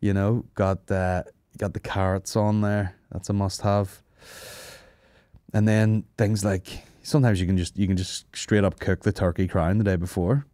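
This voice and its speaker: A man hosts a comedy podcast in a low, grounded voice. He rambles and swears through casual banter, close on the mic in a dead, dry room. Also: mellow, no room sound. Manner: sweary, rambling, laughs at his own jokes. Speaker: podcast host.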